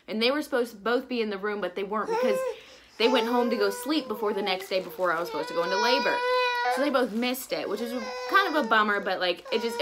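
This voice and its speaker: A woman's voice: on the high side, fairly bright tone, slight background noise. A young woman telling a casual, chatty story in a vlog, with lots of "like"s and bits of baby talk. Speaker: vlogger and new mother.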